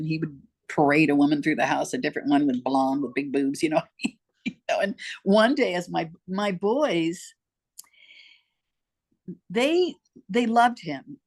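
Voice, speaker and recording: An older woman speaks as a podcast guest, her voice sitting a little low. She tells her story earnestly and circles back to repeat key lines. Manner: emphatic, repeats herself for weight. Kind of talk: personal storytelling in conversation.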